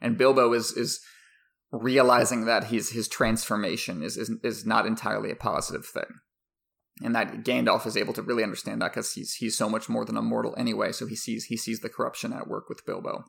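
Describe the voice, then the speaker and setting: A man with a low, heavily gravelly voice talks through his analysis in a conversational way. He often restarts phrases as he works out his thoughts, and he sounds reflective and unhurried. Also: flat delivery, fairly bright tone. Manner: thoughtful, restarts phrases while thinking aloud. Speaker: commentator on a book and its film adaptation. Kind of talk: conversational analysis, partly scripted essay.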